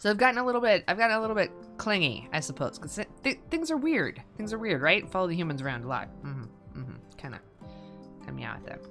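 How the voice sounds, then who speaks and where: A woman's voice: fairly low pitch, sing-song, fast talker, a bit bright. A woman voicing a grumpy, bewildered pet cat that swears and rambles about its humans, over faint music. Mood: sheepish. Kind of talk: comic monologue in character.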